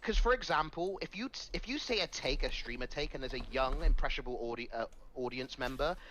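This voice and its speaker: A man's voice: mid-range voice, lively intonation, quick pace, bright, forceful tone, slight background noise. A man lecturing bluntly in a heated casual debate. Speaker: debate guest.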